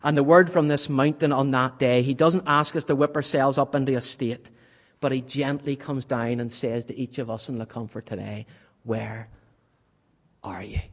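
A man's voice: mid-range voice, steady tone, moderate pace. Preaching man in a reverberant church. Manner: dramatic swings from loud to hushed. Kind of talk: sermon.

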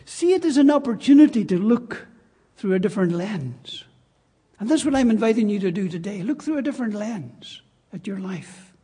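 High-voiced man preaching in a reverberant church. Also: animated, moderate pace, warm tone, slightly rough. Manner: emphatic, repeats key phrases. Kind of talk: sermon. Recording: long reverb of a church hall.

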